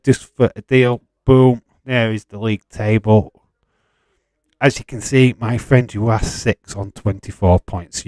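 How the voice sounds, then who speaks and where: A man's voice: lowish voice, a little mellow, dry recording. A man with a Yorkshire accent hosting a casual live stream, chatting, reading out viewer comments and chuckling often. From England. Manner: chatty and laid-back, chuckling often, light swearing. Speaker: livestream host.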